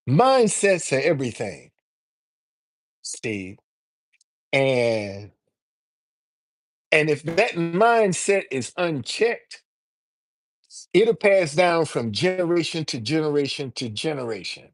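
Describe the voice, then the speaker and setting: A woman in her seventies hosts a live stream and answers viewers in a deep, expressive voice, speaking slowly with frequent pauses. She's fiery and profane, repeating herself and stammering through restarts.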